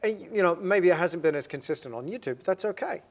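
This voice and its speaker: A man's voice: high-pitched, animated, fast talker. A man in his forties hosting a livestream, painting while chatting upbeat and answering viewer comments.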